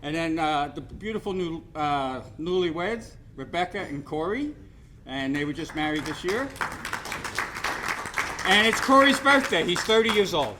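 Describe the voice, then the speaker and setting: A man's voice: fairly high pitch, lively intonation, a little slow, a loud crowd, heavy background noise. Rambling older man telling banquet stories. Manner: rambling storyteller, self-deprecating jokes. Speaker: sportswriter giving hall of fame speech. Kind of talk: after-dinner speech with anecdotes.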